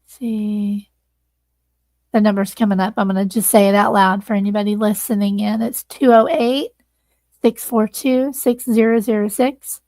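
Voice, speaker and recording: A woman's voice: mid-range voice, fairly even intonation, normal speed, darkish tone, dry recording. A woman hosting a livestream, earnestly thanking viewers and close to tears. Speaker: livestream host. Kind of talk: casual livestream sign-off.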